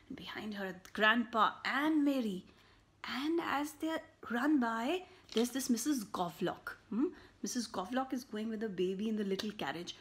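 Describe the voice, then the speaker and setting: Slow, animated woman telling a children's story. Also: on the high side. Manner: slow and animated, with sound effects and soft whispered asides. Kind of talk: children's story read-aloud.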